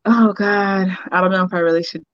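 A woman in her thirties from Boston, a real estate agent telling her story as a guest in a casual interview, candid and quick to laugh. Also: medium pitch, fairly even intonation, no echo, highs cut off. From Boston, United States.

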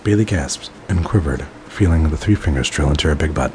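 A man with an extremely deep voice narrates a comic reading in flat deadpan. He drops dry asides between sentences, with faint noise in the background. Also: fairly quick. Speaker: host reading stories.

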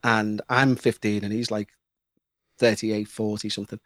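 A man with a Liverpool accent, a podcast guest telling a story in an animated, excitable way and mimicking the people in it. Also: fairly low pitch, normal speed, dry recording, clean studio sound. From Liverpool, England. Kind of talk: casual storytelling.

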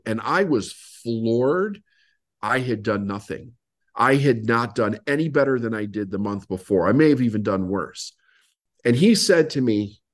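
A man, a business coach guest on an interview, telling his story and acting out old conversations. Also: medium pitch. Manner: animated storyteller, acts out past dialogue.

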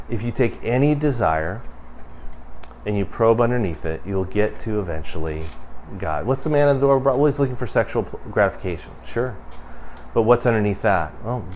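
A man gives a sermon as a pastor, talking conversationally with a little hiss or hum in the background. He climbs to emphatic bursts, then goes low and quiet.

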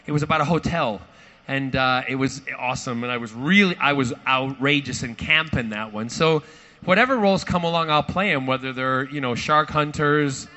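A man telling a lively anecdote to a live audience, theatrical and acting out quoted voices. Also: medium pitch, normal speed, highs cut off. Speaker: actor at a fan panel.

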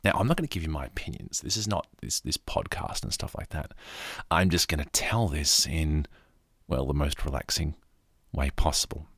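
Deep husky Australian man, soft-spoken. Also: normal speed, dry recording, studio quality. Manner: soft-spoken, rambling asides. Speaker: podcast narrator. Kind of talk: calm bedtime story narration.

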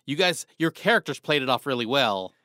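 A man's voice: mid-range voice, lively intonation, fairly quick, pushed and bright, no echo, studio quality. A man hosting a casual interview, asking playful, curious questions and laughing easily. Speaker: podcast host.

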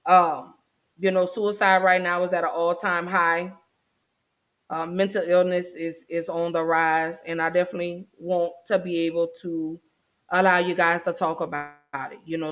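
A woman's voice: on the low side, fairly bright tone. A woman hosting a podcast, talking in an earnest, caring way with many fillers. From United States. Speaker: podcast host. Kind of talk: casual podcast chat.

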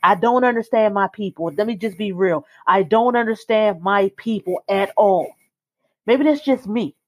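A woman's voice: mid-range voice, moderate pace. A woman co-hosting a casual talk show, opinionated and blunt, who hammers her points with repetition.

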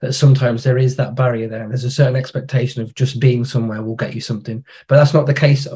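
A man's voice: mid-range voice, steady tone, fast, mellow. Frank man telling anecdotes. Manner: anecdotal storytelling, frank, British slang. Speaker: podcast guest, digital marketer. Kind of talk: casual conversation.

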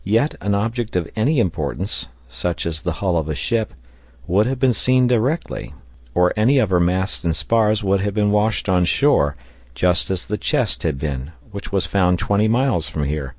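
Male audiobook narrator, steady reading, low voice, dry close recording. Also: normal speed, no room sound. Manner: steady, even-paced reading.

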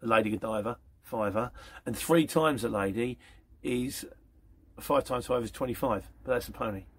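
A man's voice: mid-range voice, moderate pace, slight background noise. A middle-aged man, chatting casually through viewer questions as the host of a van courier channel, rambling and plain-spoken. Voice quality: gravelly, husky.

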